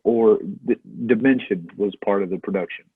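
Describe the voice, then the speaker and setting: Male podcast co-host, husky and relaxed, coming through a thin phone-like line. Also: lowish voice, normal speed, no room sound. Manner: laid-back, says "dude" a lot. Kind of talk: casual movie chat.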